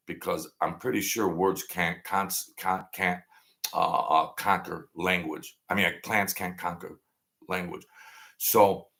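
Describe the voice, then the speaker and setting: A man's voice: sits low, gravelly. A man in his sixties hosting a live stream, talking casually and rambling to his viewers, often digressing and laughing at his own jokes. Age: 60s.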